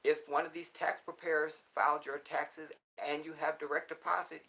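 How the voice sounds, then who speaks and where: A man's voice: fairly high pitch, level tone, normal speed, bright, forceful tone. A man hosting a casual livestream, reading viewer comments and answering them in a profane, emphatic and preachy way, often checking in with the listener. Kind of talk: casual live chat.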